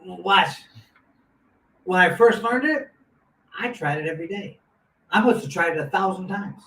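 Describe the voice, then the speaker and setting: With a high voice and a moderate pace, a former boxer in his fifties works through a long, relaxed anecdote, animated and rambling, full of restarts and side remarks. The recording has a roomy feel from a distant mic and a bit of faint noise.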